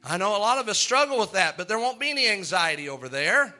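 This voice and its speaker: A man preaching a sermon, chanting long lists in a slow rhythmic litany and chuckling between points. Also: sits high, big pitch swings, bright, forceful tone.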